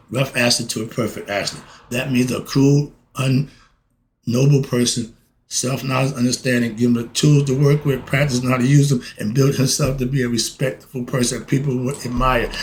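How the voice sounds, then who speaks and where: A middle-aged man hosting a casual spiritual talk. He talks in a preachy, excitable way, asks himself questions and answers them, and swings between fired-up bursts and calmer stretches. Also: medium pitch, a little hiss or hum. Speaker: host.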